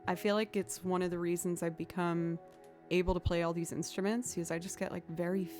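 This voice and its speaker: A woman's voice: on the low side, level tone, brisk, music in the background. A young woman streaming, chatting casually with viewers in a rambling way, with lots of "like" and "um".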